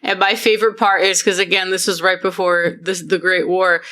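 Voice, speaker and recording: A woman co-hosting a podcast in casual chat, talking in an animated way with frequent swearing and laughter. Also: fairly low pitch, moderate pace. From Buffalo, New York. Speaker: podcast co-host.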